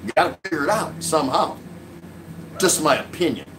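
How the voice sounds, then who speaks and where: A man's voice: a little high, lively intonation, a little fast, fairly bright tone, a little hiss or hum. Joking older man chatting on a live stream. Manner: jokey, reads viewer comments aloud, chuckles often. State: drinking beer while talking. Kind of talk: casual live-stream chat. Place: at home on a couch.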